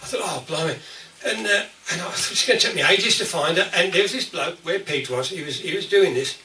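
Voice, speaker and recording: A man's voice: on the high side, a little fast, sharp tone, slight background noise. An older man with a Black Country accent telling comic stories to a folk club audience, chatty and laughing through his jokes. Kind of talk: comic storytelling to a live audience. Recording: distorted, roomy live recording from a distance.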